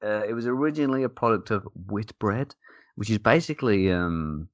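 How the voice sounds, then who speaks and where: A young Englishman sits close to the mic, his voice sitting very low and dry with no room around it. He rambles through a casual chat, full of ums and likes, cracking jokes as he goes. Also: expressive, brisk, no echo, highs cut off. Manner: rambling, jokey, many fillers. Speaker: beer podcast host.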